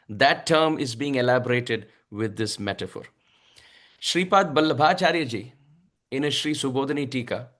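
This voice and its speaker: A man giving a devotional scripture discourse, expressive and drawn out, with frequent soft laughs. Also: medium pitch. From India. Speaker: spiritual speaker.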